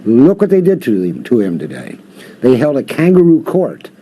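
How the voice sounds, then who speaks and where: A man's voice: medium pitch, huge pitch swings, normal speed, warm tone, breathy edge. An older man, a professor guest, giving impassioned interview commentary full of rhetorical questions.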